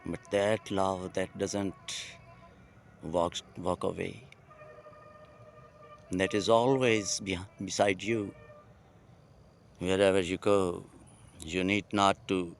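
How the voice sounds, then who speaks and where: A man with a Pakistani English accent speaking a heartfelt, poetic monologue outdoors at night, slowly and with pauses. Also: low voice, fairly even intonation, gravelly, a little hiss or hum. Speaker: vlogger.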